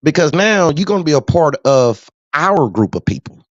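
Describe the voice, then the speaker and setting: Animated trucker man, lively pitch. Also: moderate pace, a little hiss or hum. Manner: animated, street slang, frequent laughs. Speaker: truck driver. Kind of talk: casual rant to camera. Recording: dull dry lo-fi sound.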